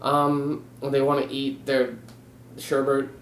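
A young man in casual comedic chat, spinning deadpan absurd tangents. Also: medium pitch, moderate pace, slight background noise. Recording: roomy echo.

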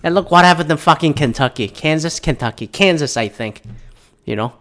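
A young man ranting casually about online news, swearing often, swinging between loud bursts and mumbled asides. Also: a little high, lively intonation, a little fast. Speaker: vlogger reacting to news.

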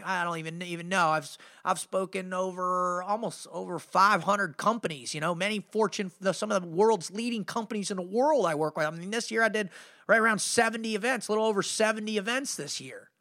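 Fired-up high-voiced podcast host man. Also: sharp tone. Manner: fired-up, slangy, says "man" a lot. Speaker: podcast host and motivational speaker. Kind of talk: energetic storytelling monologue.

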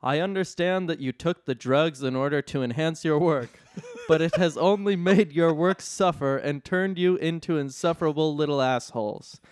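A man voicing a stern, bossy Santa Claus who talks slowly and emphatically. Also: fairly high pitch, no echo, close to an everyday voice.

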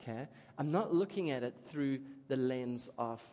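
A man preaching a sermon in an animated, chatty way, often checking in with the crowd. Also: medium pitch, normal speed, slight background noise. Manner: animated, chatty, keeps asking "okay?". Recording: long reverb of a large hall.

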